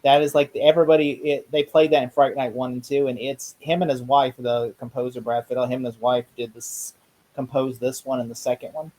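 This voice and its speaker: A man in casual chat about a horror movie, talking excitedly and acting out lines in voices. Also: mid-range voice, fairly quick. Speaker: co-host discussing a horror movie.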